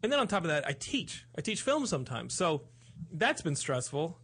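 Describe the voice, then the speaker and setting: Man, podcast host, gravelly voice, rambling, excitable, casual chat. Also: fairly high pitch, normal speed.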